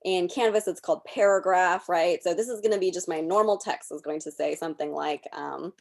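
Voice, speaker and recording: A woman presenting a workshop over a video call, explaining software step by step as she clicks through it. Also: fairly low pitch, brisk, creaky. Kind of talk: live software demonstration.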